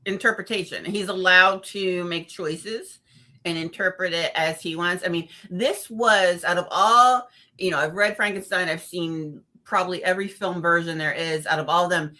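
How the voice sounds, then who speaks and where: Woman horror reviewer, casual chat, bright forceful voice, animated reactions. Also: fairly low pitch, normal speed. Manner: expressive, animated, acts out reactions. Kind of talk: casual film discussion.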